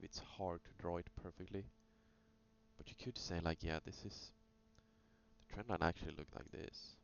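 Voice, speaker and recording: A man casually talking through chart trades in a screen-recorded review, thinking aloud with many fillers. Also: low-pitched. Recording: dull lo-fi sound with faint hum.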